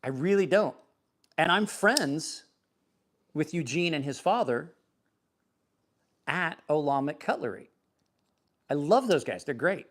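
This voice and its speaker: A man's voice: fairly high pitch, expressive, slow pace, long pauses. A man hosting a knife review channel, talking casually and enthusiastically to camera, rambling and self-deprecating with frequent restarts. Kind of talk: casual product talk to camera.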